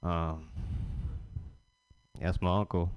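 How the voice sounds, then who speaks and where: A man tells a rambling stand-up story in a clear, resonant voice. He talks in loose slang and keeps laughing at his own punchlines. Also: deep voice, little pitch movement, drawn-out words, a little mellow. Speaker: stand-up comedian at open mic.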